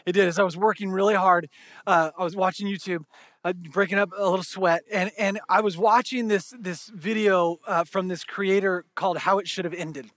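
A married man preaching a sermon to a congregation, conversational and joking, moving from hushed to shouted. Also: high-pitched, dry recording. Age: adult, married with kids. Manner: conversational, humorous, swings from soft to shouting. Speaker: pastor.

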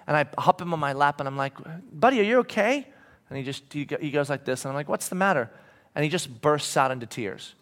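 Conversational middle-aged male pastor. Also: fairly high pitch. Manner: conversational storyteller with frequent restarts, dropping soft for reflection. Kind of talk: sermon with a personal story. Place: church sanctuary.

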